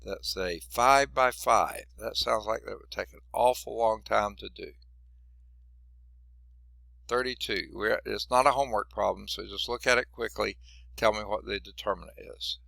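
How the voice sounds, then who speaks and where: A man's voice: fairly low pitch, moderate pace, gravelly, bright, forceful tone, no room sound. A man teaching a math class in a folksy, chatty way, quizzing students and noting he is losing his voice. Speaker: math instructor. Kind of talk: classroom lecture.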